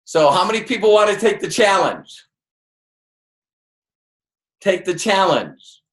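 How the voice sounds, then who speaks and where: A man's voice: sits high, sing-song, takes it slowly, fairly bright tone. A man giving a motivational network marketing training to a live audience, emphatic and full of rhetorical questions. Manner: emphatic, rhetorical questions, acts out quoted voices. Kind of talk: motivational seminar talk. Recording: roomy echo.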